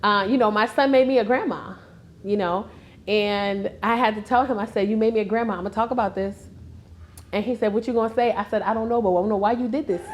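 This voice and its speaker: A fast-talking woman with a mid-range voice, she's a stand-up comedian in her forties and a grandmother. Appearing as a guest in a casual interview, she tells stories with animation, acting out her kids and other family members.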